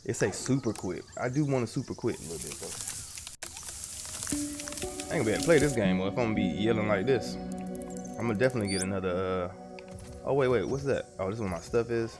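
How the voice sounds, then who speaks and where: A gaming streamer with a lowish voice talks fast but leaves long pauses, with game music playing in the background. Jumpy and easily startled, he swears and laughs when something scares him, keeping his commentary casual and full of slang while calling his viewers bro and y'all.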